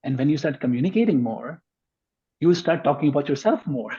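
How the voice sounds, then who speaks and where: Man, podcast guest, mellow husky voice, emphatic debater, slightly muffled recording. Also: fairly high pitch, expressive, a little fast. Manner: emphatic, argues point by point. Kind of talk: conversational podcast discussion.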